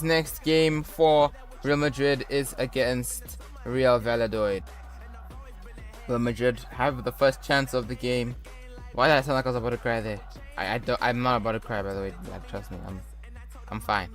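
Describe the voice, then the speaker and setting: A man's voice: medium pitch, fairly even intonation, normal speed, faint music behind. A young man commentating a football video game, mixing sports-caster calls with rambling jokey asides. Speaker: gaming YouTuber. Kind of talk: casual gameplay commentary.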